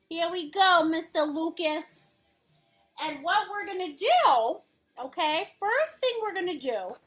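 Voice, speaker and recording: Silly, high-voiced woman art instructor; lively and unhurried, laughs a lot. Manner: playful, silly, laughs often. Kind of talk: live painting class instruction.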